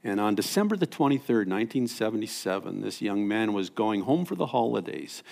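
Gravelly pastor. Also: male voice, brisk. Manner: animated, swings from loud and high to hushed and low. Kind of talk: sermon storytelling.

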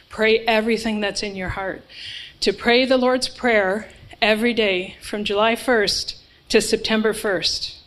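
A woman's voice: medium pitch, a bit bright, low-quality recording. A woman preaching a sermon to a congregation, earnest and emphatic, with informal asides. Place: church hall with a live congregation.

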